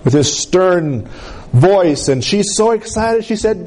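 Man, preacher, high voice, sermon storytelling, slow dramatic delivery, sweeping pitch drops. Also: animated, warm tone.

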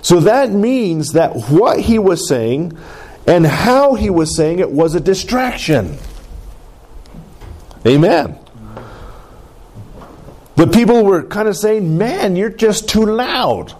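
Preacher guy telling a story, voice jumps all over, kinda high for a man. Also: slow, pauses often. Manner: animated, dramatically acts out the quoted cries. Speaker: pastor. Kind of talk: sermon.

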